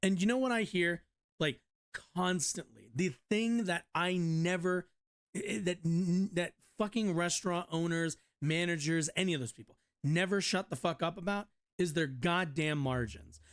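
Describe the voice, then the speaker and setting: A male streamer reads a news article and reacts in a casual rant, blunt and profane, rambling and restarting his sentences. His voice is high and smooth, at a moderate pace.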